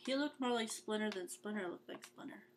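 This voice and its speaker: A woman's voice: mid-range voice, fairly quick, slight background noise. A young woman co-hosting a podcast, casually mocking a movie, swearing freely. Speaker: podcast co-host. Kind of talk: casual movie-review chat.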